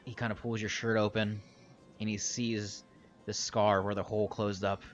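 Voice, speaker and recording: A man's voice: lowish voice, little pitch movement, normal speed, dull audio, a little hiss or hum. A man narrating a tabletop game as game master, casual and joking with his players. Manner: casual, swearing, laughing with players.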